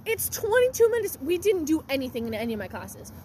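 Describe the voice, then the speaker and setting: A woman's voice: sits high, very animated, fast talker, darkish tone. A teenage girl co-hosting a casual podcast, swearing often as she rants about school. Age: teens. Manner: swears a lot, ranting. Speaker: podcast co-host. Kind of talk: casual chat. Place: car in a parking lot at night. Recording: faint traffic noise in a parking lot.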